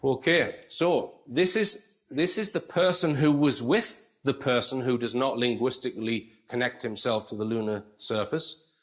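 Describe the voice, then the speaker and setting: A man's voice: medium pitch, measured pace, a bit bright. A man presenting an analytical commentary in a conversational way, explaining with asides.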